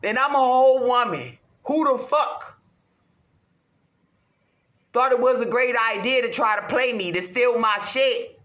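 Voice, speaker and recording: A woman ranting casually to her viewers, swearing heavily, animated and laughing often. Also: a little high, measured pace, pauses often. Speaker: vlogger. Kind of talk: casual rant to camera. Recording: roomy echo.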